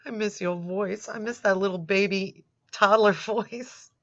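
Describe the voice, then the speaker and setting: A woman reading out a lovesick, clingy young man's chat messages in a slow, mocking way, on a dull lo-fi recording. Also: mid-range voice, steady tone, a bit bright. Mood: mock-sappy. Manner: slow, mocking, drawn-out read-out. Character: lovesick clingy young man in online chats.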